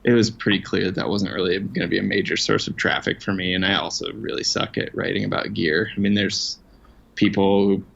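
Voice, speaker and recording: A low-voiced man with a gravelly, flat delivery, chatting loosely as an interview guest. He pokes fun at himself and rambles through plenty of "um"s and "you know"s. The recording is a bit dull and lo-fi. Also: a little fast, slight background noise. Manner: self-deprecating, rambling with many fillers. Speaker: guest, outdoor writer. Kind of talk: casual conversational interview. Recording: dull lo-fi sound.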